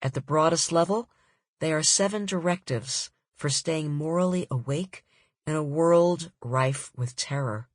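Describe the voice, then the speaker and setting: A woman author reading her own nonfiction audiobook in a measured, deliberate way. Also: sits low, no room sound, clean studio sound.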